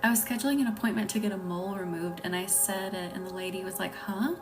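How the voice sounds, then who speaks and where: A woman with a Southern US accent hosting a casual live stream, talking softly, often near a whisper, and laughing easily. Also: medium pitch, fairly even intonation, fast, far from the mic, music in the background. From Southern United States.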